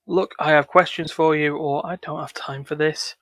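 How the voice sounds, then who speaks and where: A man with a slightly high voice reads a game's narration aloud, then breaks off into casual joking chat. His voice is dry and close, with no room sound. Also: fairly even intonation, normal speed, a bit bright, dry recording. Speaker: game player reading the game's text. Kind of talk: casual let's-play narration.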